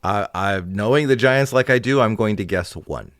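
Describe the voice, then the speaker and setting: A man's voice: on the low side, moderate pace, fairly bright tone, no echo, studio quality. A man co-hosting a casual sports podcast, upbeat and easygoing. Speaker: podcast co-host.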